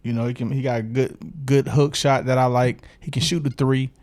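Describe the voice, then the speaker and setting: A man's voice: medium pitch, fairly even intonation, a little fast, a little mellow. A man co-hosting a podcast, talking casually, stumbling over words and laughing often. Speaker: podcast co-host.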